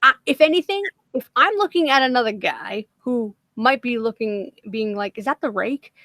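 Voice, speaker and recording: A woman's voice: fairly high pitch, animated, normal speed, sharp tone, no room sound. A woman hosting a casual livestream, talking bluntly with lots of swearing and frequent laughter. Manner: blunt, profane, laughs often. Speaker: livestream host.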